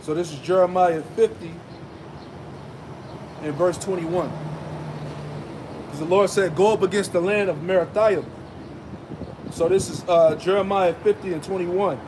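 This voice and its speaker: High-voiced man preaching outdoors. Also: unhurried, pauses often, background noise. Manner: emphatic, asks rhetorical "right?" and "man" often. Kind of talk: street sermon with scripture reading.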